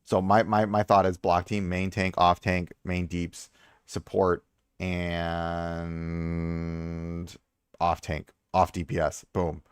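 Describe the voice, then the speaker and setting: Young adult male streamer, low voice, dry close sound, loose rambling chat that repeats itself. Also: level tone, takes it slowly, clear, resonant tone, dry recording. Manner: rambling, repeats himself for emphasis. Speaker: streamer reviewing viewers' game accounts. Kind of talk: casual live-stream chat.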